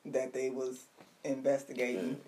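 A woman co-hosting a casual chat, animated and teasing, recapping gossip and news with loud laughs. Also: a bass voice, a little slow, slight background noise. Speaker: podcast co-host.

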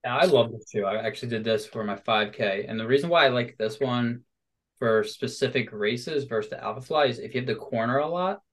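Upbeat guy hosting a podcast, chatty, mid-pitched everyday voice. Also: a little fast, a bit bright. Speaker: podcast host. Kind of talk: casual conversation.

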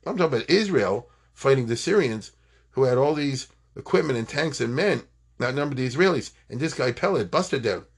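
Husky-voiced man teaching an informal Torah class. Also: mid-range voice, fairly quick. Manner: animated, digressive storytelling with Hebrew phrases.

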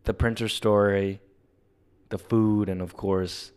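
A man hosting a solo comedy podcast, telling stories in a rambling, profane way with sudden loud bursts. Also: lowish voice, flat delivery, takes it slowly, clean tone. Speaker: podcast host. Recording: audio-only podcast mic.

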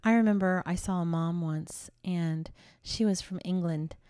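A woman co-hosting a casual, faith-based podcast chat, an animated storyteller who acts out the voices she quotes. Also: fairly low pitch, a little slow, clear, resonant tone, dry recording, studio quality. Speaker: podcast co-host.

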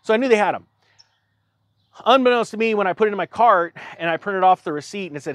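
Casual male vlogger, slightly high voice, rambling exasperated storytelling, dry close recording. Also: brisk, no echo. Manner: rambling storyteller, acts out both sides of conversations; exasperated, self-interrupting restarts. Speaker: YouTube commentator. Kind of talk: casual anecdotal rant.

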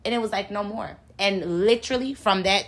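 A woman in her thirties telling a personal faith story in casual chat, animated and full of church talk. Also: mid-range voice, quick pace.

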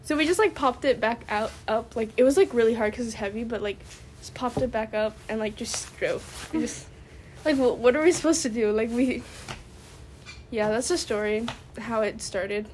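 Young woman cohost rambling on, says like a lot, kinda high voice, light background hiss. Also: moderate pace. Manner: rambling storyteller, fills every phrase with "like". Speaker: podcast co-host. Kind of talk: casual chat.

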